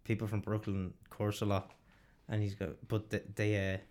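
A man's voice: fairly low pitch, monotone, moderate pace, darkish tone. A young man co-hosting a casual podcast chat who laughs a lot, swears freely and mimics comedians' bits. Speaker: podcast co-host.

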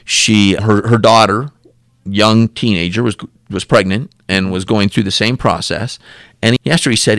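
A low-pitched man tells a story as a podcast guest and acts out each person's lines with lively shifts. He repeats and restarts words as he goes. The recording is dry and close, with no room sound. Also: moderate pace, no echo. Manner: animated storyteller acting out quoted dialogue.

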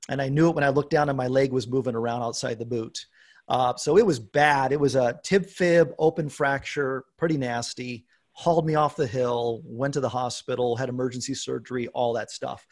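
A man in his forties hosting a podcast, telling a self-deprecating story in a lively way. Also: medium pitch. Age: 40s. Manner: animated storyteller, self-deprecating, acts out quoted dialogue. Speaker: podcast host. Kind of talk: casual podcast chat.

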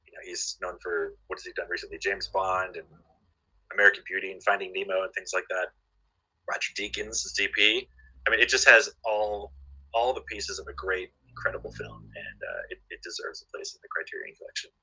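A man talks in a casual chat, piling up fillers and restarts as he tells stories. His voice is husky and a little low, with a very bright, forward edge. He sounds eager and lively about his subject. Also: brisk, low-quality recording. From Southern California. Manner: enthusiastic storyteller, many fillers and restarts. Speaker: guest.

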